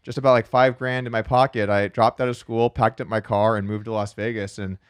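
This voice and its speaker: A man being interviewed on a podcast, telling stories about his life in a quick, chatty way with frequent restarts, sometimes acting out the voices of people in his stories. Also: fairly low pitch, level tone, clean tone, dry recording. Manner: acts out quoted voices in his anecdotes. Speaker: podcast guest, professional poker player. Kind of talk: casual storytelling interview.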